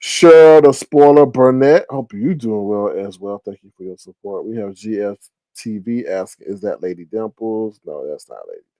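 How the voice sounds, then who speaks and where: A man's voice: normal speed, no echo. A man hosting a casual live stream, chatting with viewers and greeting them by name. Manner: animated, shoutouts to viewers, big jumps into high exclaims.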